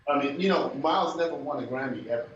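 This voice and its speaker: A man's voice: mid-range voice, fast, slight background noise. An older man from Brooklyn, New York, who is a guest telling a story in a conversation and often mimics other people's voices. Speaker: guest musician. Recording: slightly muffled, roomy recording.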